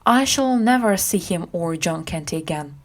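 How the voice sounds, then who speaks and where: A woman's voice: on the low side, animated, moderate pace, lightly acted. A woman reading aloud and voicing a proud, stubborn boy king in a storybook.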